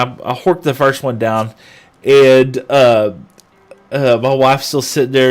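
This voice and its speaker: A man streaming a game, chatting with viewers and telling a long anecdote in a casual, animated way. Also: fairly high pitch. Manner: chatty, animated storyteller who talks to chat. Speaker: gaming livestreamer. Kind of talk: casual chat and storytelling while gaming.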